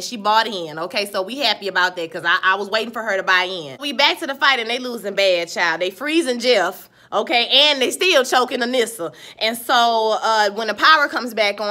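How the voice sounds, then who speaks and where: A woman, giving a casual, animated recap of a TV episode with playful asides. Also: on the high side. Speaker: TV episode reviewer.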